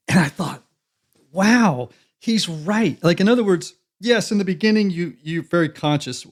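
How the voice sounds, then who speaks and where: A man's voice: sits high, expressive, moderate pace. A man speaking as a guest on a conversational interview podcast, earnest and reflective, with emphatic stretches.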